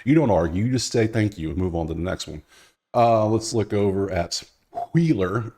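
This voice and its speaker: Low-voiced man musing over betting picks. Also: moderate pace. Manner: chatty, thinks out loud, talks to players directly. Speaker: sports betting host. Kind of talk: casual solo commentary.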